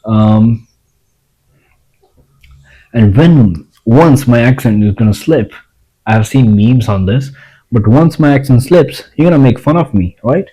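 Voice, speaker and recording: A man's voice: mid-range voice, expressive, slow pace, long pauses, dark tone, husky, rough recording. A man giving casual self-help advice in a blunt, rambling way, swearing freely. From India.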